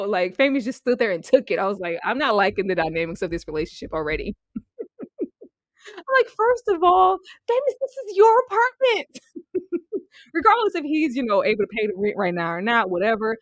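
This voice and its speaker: A lively young woman recaps a TV episode in loose, chatty talk, breaking into laughter and mimicking the characters. Her voice sits fairly high and swoops up and down a lot. The sound is close and dry, with no room around it. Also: dry recording. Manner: animated, laughs often, acts out characters' lines. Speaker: TV show reviewer. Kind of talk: casual recap chat.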